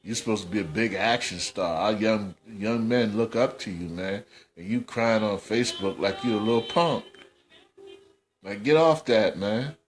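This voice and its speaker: A man's voice: lowish voice, moderate pace. A man hosting a casual commentary podcast, scolding in slangy, repetitive talk. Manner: scolding, slangy, repeats himself. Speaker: host.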